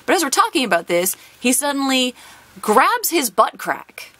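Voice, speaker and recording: Animated woman telling a funny story. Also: high-pitched, moderate pace. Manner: animated, exasperated storytelling with laughs. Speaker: channel host and teacher. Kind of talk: storytelling while opening a card box.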